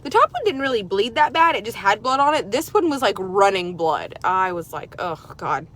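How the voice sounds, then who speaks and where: A woman vlogger chatting casually from her car, telling a story in an animated way and swearing often. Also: medium pitch, fairly quick. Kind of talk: casual chat. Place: car while driving. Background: vehicle noise.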